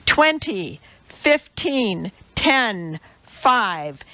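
A woman's voice: medium pitch, big pitch swings, extremely slow, bright, forceful tone, dry recording, dull audio, exaggerated voice. A woman voicing a short, fierce male rowing coxswain who snarls and barks commands in a storybook reading. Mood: barking orders.

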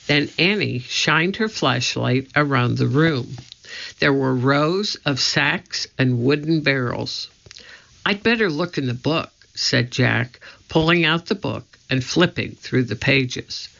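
A narrator reads a children's chapter book aloud, taking each sentence slowly and evenly. The voice has a gravelly edge, and the recording sounds dull and lo-fi. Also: mid-range voice, fairly bright tone. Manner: slow, measured storytelling. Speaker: audiobook reader. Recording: muffled lo-fi recording.

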